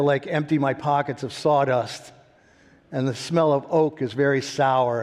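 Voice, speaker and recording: A man in his sixties from upstate New York recounts his past as a wine company founder, telling it as lively anecdotes and laughing often. His voice sits in an ordinary middle pitch. A long hall reverb trails behind him. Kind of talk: storytelling interview answers.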